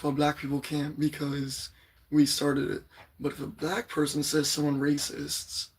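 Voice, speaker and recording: A teenage boy with a hoarse, strained voice, chatting loosely with viewers on his livestream and clearing his throat often. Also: a little high. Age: teens. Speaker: livestream poetry host. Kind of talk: casual livestream chat.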